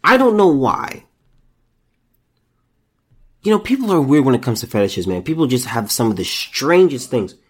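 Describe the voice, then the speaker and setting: A man's voice: medium pitch, sing-song, moderate pace, long pauses, breathy edge. A man hosting a solo commentary podcast, ranting in disbelief and restarting his sentences often. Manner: incredulous, ranting, many restarts. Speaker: podcast host.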